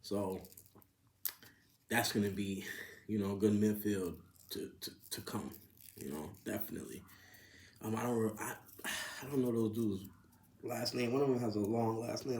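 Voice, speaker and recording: A man's voice: on the low side, normal speed, long pauses, darkish tone, a little hiss or hum. A man hosting a casual sports podcast, swearing freely and rising into incredulous outbursts. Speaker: podcast host. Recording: roomy echo.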